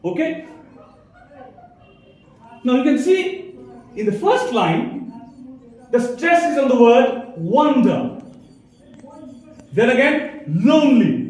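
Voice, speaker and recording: A man's voice: very high voice, very animated, takes it slowly, pauses often. Man lecturing in an echoey classroom. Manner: explanatory, checks in with "okay?". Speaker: teacher. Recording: echoey room, distant mic.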